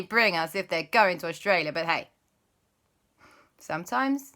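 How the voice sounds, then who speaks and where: A woman's voice: on the low side, animated, unhurried, pauses often, bright, forceful tone. A young woman hosting a show and telling a children's story, playful and chatty, with asides to her young listeners.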